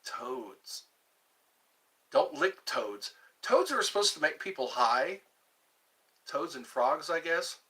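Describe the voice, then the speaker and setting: Slow rambling man, far from the mic. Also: a little high, expressive, bright, forceful tone. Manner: meandering, muses aloud, tries out pickup lines. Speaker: channel host. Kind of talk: rambling livestream chat.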